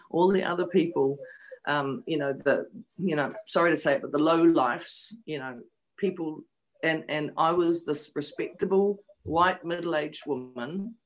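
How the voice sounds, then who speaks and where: Poor audio captures a low-voiced woman in her fifties from New Zealand, an interview guest telling personal stories with frank emotion. She repeats phrases for emphasis and swears bluntly.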